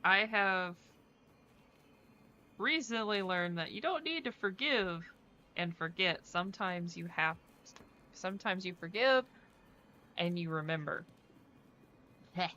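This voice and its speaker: A woman's voice: fairly low pitch, expressive, a little slow, long pauses, bright, forceful tone, highs cut off. A woman streaming a game, chatting casually in a rambling way full of fillers. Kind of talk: casual chat while playing a game.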